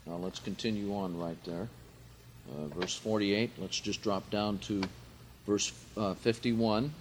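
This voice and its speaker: A man preaching a Bible teaching sermon, slow and emphatic, lifting his voice on key words and carefully sounding out Greek phrases. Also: on the low side, fairly even intonation, slight background noise.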